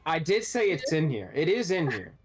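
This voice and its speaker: A woman's voice: low voice, big pitch swings, moderate pace. A woman playing a tabletop game, speaking with some hesitation. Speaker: player. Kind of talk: casual play.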